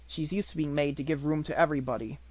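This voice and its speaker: A man's voice: fairly high pitch, steady tone. Man narrating a classic audiobook. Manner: measured storytelling, slows on descriptive words. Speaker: audiobook reader.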